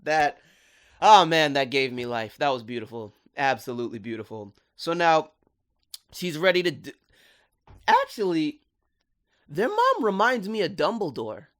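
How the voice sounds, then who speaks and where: A man giving casual video commentary on a cartoon episode, animated and full of slang. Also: a little high, measured pace, long pauses. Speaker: cartoon reviewer.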